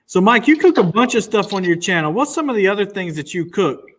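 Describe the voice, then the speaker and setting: A man's voice: high-pitched, sing-song, fairly quick, a bit bright. A man co-hosting a live stream, asking a guest questions in a playful, teasing way. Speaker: co-host.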